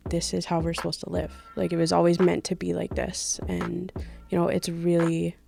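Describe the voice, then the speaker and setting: A woman's voice: lowish voice, completely flat delivery, normal speed, gravelly, over music. A woman on a radio panel, speaking earnestly and reflectively as a support worker.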